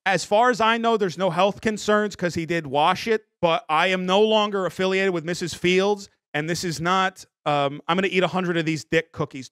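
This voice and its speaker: A man's voice: high voice, fairly bright tone, no room sound, clean studio sound. A young man streaming a comedy bit, rambling defensively through restarts and apologies. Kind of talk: improvised comedy bit as a scandal-hit streamer.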